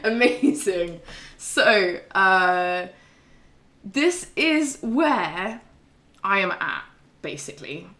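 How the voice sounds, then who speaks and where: A woman's voice: medium pitch, animated, drawn-out words, pauses often, pushed and bright, roomy sound. A young woman streaming a game and recapping its story in a casual, chatty, sweary way. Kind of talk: casual chat.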